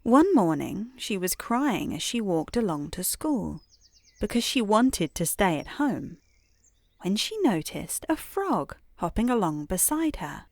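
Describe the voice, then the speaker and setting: A British woman reading a bedtime story in a calm, soothing, unhurried way. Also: mid-range voice, vocal fry, dry recording, clean studio sound.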